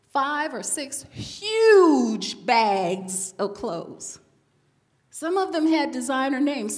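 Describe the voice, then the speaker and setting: A woman minister giving an inspirational talk to a live congregation, telling stories and laughing along with the audience. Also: sits high. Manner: animated storytelling, laughing with the audience. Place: large hall with an audience. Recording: long hall reverb.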